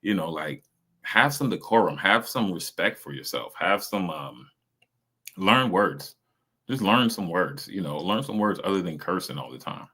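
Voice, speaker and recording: A man's voice: deep voice, expressive, normal speed, bright, forceful tone, breathy edge. A man, reacting to videos on a casual stream in a blunt, profane, rambling way.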